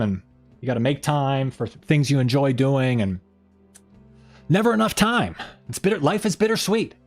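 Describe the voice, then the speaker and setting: Rambling man hosting a stream. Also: a little high. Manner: rambling, self-mocking, trailing off. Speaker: streamer host. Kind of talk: casual live-stream chat. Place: home room by an open window.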